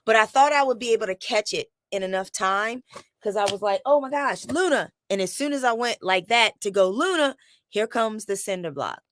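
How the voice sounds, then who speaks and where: A woman vlogger chatting to camera, telling a story with animated repetition and acted-out quotes. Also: medium pitch, no room sound. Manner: animated storytelling, acts out quotes and repeats phrases. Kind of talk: casual chat to camera.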